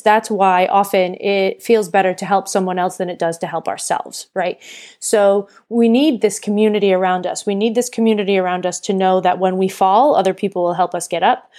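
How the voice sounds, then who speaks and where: A woman's voice: medium pitch, darkish tone. Earnest woman hosting a solo podcast. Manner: earnest, encouraging, self-correcting. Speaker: podcast host and burnout coach. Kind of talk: casual solo podcast talk.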